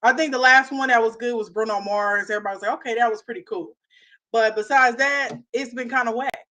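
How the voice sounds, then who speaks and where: A woman co-hosting a casual chat show, talking in an animated, emphatic way and repeating her phrases. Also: on the high side, quick pace. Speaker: co-host.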